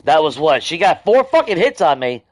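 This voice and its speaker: Brief: young adult male gamer, furious swearing rant, lively swinging pitch, slightly high voice. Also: moderate pace, no room sound. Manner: angry ranting, heavy swearing. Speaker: gaming streamer. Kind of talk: live gameplay stream commentary.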